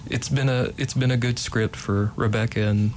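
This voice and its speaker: A man's voice: medium pitch, steady tone, moderate pace, darkish tone, a little hiss or hum. A man in his late twenties from Kentucky, a playwright guest in a casual interview, talking hesitantly with many ums and restarts. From Kentucky, USA.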